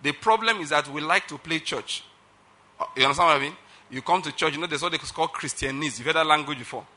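Pastor guy preaching, super bright voice, hammers every point, keeps asking do you get it. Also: on the high side, fast talker. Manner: emphatic, keeps asking if listeners follow. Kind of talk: sermon.

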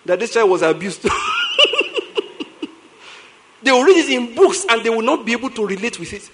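High-voiced Nigerian pastor preaching animatedly. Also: male voice, fast talker, a little hiss or hum. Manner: animated storytelling, repeating lines for emphasis, laughs often. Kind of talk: sermon.

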